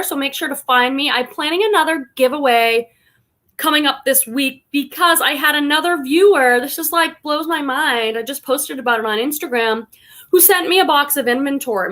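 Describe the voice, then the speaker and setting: Hosting a relaxed live stream, a high-pitched woman from Boston reads the chat aloud and welcomes each viewer by name with warm conversation. She's also an online reseller.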